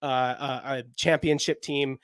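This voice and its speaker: A man's voice: mid-range voice, steady tone, unhurried, fairly bright tone, no room sound, studio quality. A young man co-hosting a casual basketball chat, rambling with lots of "like" fillers. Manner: rambling, heavy use of "like" fillers. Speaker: basketball podcast co-host.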